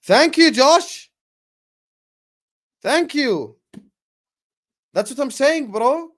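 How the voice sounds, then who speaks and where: A young man hosting a live football watchalong, chatting with viewers and calling the play with slangy, excitable banter. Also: extremely high pitch, drawn-out words. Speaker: watchalong streamer.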